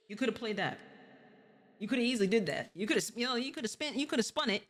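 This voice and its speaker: A woman's voice: a little high, expressive, fast. A woman in her twenties hosting a live stream, reacting casually and candidly lecturing with advice. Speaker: streamer host.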